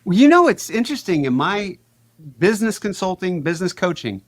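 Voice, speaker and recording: A man talking energetically as a podcast guest, fast and animated, with big swings in his voice. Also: sits high. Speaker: podcast guest, payments educator. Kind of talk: energetic conversational interview.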